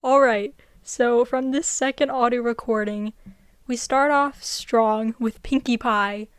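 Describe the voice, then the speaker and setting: Young woman, vlogger, casual unscripted commentary, chatty, laughs a lot, smooth clear voice, dry close sound. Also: on the high side, steady tone, takes it slowly, no room sound. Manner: chatty, laughing often, rambling with fillers.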